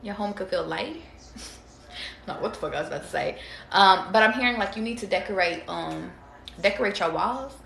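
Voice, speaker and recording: A woman's voice: medium pitch, animated, a little fast, creaky, a bit bright. A woman giving a casual tarot reading to viewers, chatty, slangy and freely profane as she talks to them directly. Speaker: tarot reader. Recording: roomy echo.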